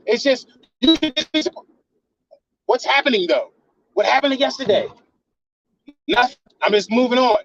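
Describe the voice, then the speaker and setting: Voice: sits high, moderate pace, long pauses, muffled recording. Confrontational, profane ranting voice. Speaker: channel host. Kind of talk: heated rant at a partner.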